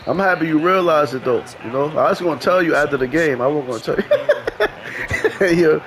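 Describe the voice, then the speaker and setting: A man trash-talking loudly and profanely at his opponent while playing a video game, laughing often. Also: on the high side, lively intonation, moderate pace. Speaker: gamer.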